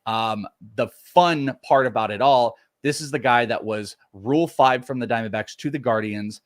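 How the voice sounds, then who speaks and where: A man's voice: mid-range voice, normal speed, no echo. A man co-hosting a live fantasy baseball stream, hitting the key stats with punchy emphasis. His voice sits in an ordinary middle register, recorded close and dry with almost no room around it. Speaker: co-host, prospect analyst.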